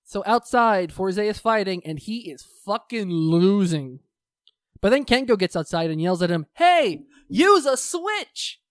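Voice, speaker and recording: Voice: medium pitch, moderate pace, no room sound, studio quality. A co-host in casual chat, recapping a show in a rambling, profane way and slipping into voices for the characters. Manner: profane, rambling, acts out quotes in put-on voices.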